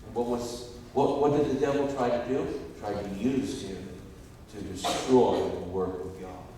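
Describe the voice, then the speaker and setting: A man preaching a sermon as a pastor, telling a story and rising to loud, emphatic peaks. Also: fairly low pitch, a little slow, a little hiss or hum. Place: large church sanctuary. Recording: echoey hall, distant mic.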